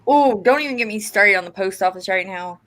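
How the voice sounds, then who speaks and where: A woman's voice: medium pitch, animated, a little fast, a bit bright. A woman co-hosting a casual livestream chat, chatty and sassy in her complaints. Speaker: co-host.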